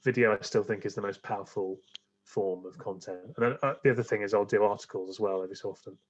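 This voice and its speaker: A man's voice: fairly low pitch, fairly even intonation, fast talker, highs cut off. A man, a guest on a podcast, chatting casually and rambling with many fillers and restarts. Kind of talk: casual interview chat.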